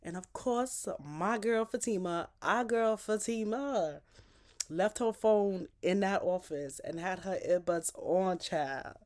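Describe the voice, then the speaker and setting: A woman casually recapping a TV episode, talking in an animated, slangy, profane way. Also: mid-range voice, slow pace. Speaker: TV show recapper.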